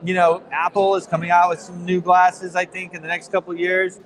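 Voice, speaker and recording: Interviewing a guest at a crypto conference, this American man is chatty and enthusiastic, wandering a little in his talk. His high voice moves briskly yet with a completely flat delivery, captured on a rough recording.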